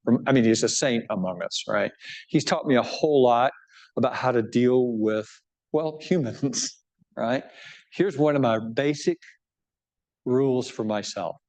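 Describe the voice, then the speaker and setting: A middle-aged bishop with a mid-range voice speaks at a measured pace. Giving a book talk with audience questions, he's conversational and animated, often restarting sentences and checking in with "right?"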